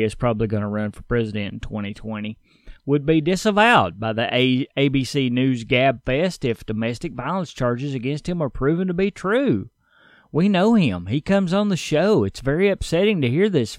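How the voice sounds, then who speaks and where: A man's voice: medium pitch, no room sound, clean studio sound. A man hosting a podcast, reading and mocking news stories in a wry, sarcastic way. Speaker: podcast host.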